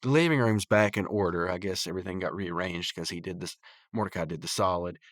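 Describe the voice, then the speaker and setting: A man's voice: low voice, quick pace, no room sound, studio quality. A man hosting a podcast, recapping and reviewing a cartoon episode in a loose, rambling way with lots of fillers.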